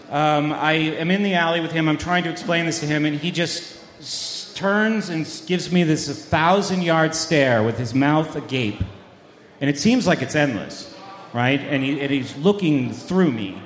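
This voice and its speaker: A man telling a mock-serious comedic story in a deadpan way, with his voice sitting a little high for a man. He pauses and fills with "uh" as he goes, and the sound rings with a long echo, as if recorded live in a large hall. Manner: deadpan storytelling, many fillers and trailing pauses. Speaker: podcast host and guest. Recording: echoey hall with long reverb.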